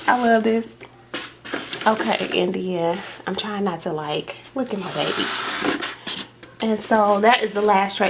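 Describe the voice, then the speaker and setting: A young adult woman chatting casually in an unboxing vlog at home, gushing and excitable, calling her viewers y'all. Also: mid-range voice, unhurried, noisy background. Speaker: home decor vlogger. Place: home dining room.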